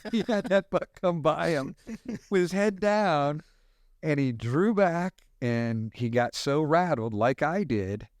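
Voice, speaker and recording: Middle-aged man spinning animated hunting stories. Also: on the high side, takes it slowly, no room sound, clean studio sound. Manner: animated hunting yarns with sound effects. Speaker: podcast guest. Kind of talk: casual storytelling.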